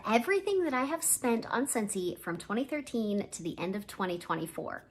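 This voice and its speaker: A woman's voice: medium pitch, big pitch swings, fairly quick, a little hiss or hum. A woman who sells for a direct-sales company, from Canada, going over her spending figures year by year in a personal vlog. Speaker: MLM consultant.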